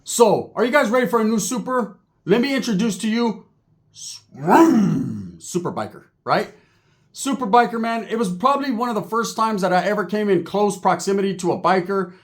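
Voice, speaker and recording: Man, comic storyteller, profane street talk, keeps asking the audience, slightly high voice. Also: a little fast.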